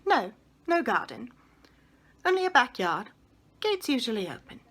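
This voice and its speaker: A prim, sniffy nanny with a clipped and scornful delivery, read by a woman. Her tone is bright and forceful, pitched a little high, with short curt phrases and storybook poise. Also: very animated, unhurried, husky, heavily acted.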